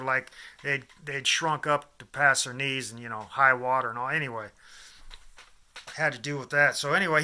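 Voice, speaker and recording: A Midwestern man in his fifties vlogs to camera, telling a rambling personal story full of restarts and asides. His voice is medium-pitched with a sharp tone.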